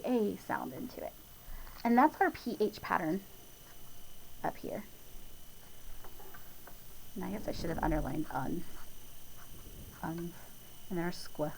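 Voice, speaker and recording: A woman's voice: mid-range voice, low-quality recording. A patient woman teacher walks young kids through their spelling words. She spells each word out letter by letter and stretches out the sounds. Now and then she laughs at her own slips. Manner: self-deprecating, chuckles at own slips.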